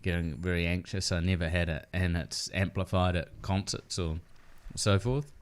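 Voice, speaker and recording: A man's voice: sits low, normal speed. A man with a New Zealand accent, a comedian guest in a podcast studio, chatting casually and acting out the people in his stories. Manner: animated storytelling, swearing, acting out quoted people. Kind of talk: casual chat.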